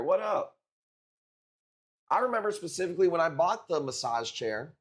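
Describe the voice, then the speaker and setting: A man in his forties chatting casually on a live stream as a coral seller, laid-back and profane, calling people dude and bro. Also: on the high side. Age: 40s.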